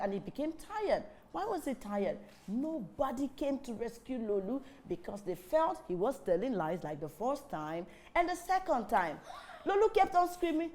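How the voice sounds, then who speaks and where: A woman hosting a children's show, telling a story in a lively way and calling on the audience to join in. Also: high-pitched, a little slow.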